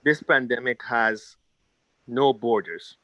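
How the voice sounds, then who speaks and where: A man's voice: mid-range voice, slow, highs cut off. A man who leads a labor union, giving an earnest, rallying speech over a video call at an online town hall and repeating his key phrases.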